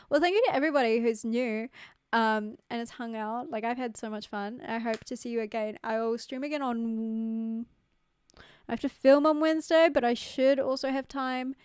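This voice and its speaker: A woman's voice: fairly high pitch, a little mellow, clear, resonant tone, no room sound, clean studio sound. A young woman chatting casually on a live stream, reading out comments, giggling and filling her talk with "like". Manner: chatty, giggly, lots of "like" fillers. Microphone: close studio mic.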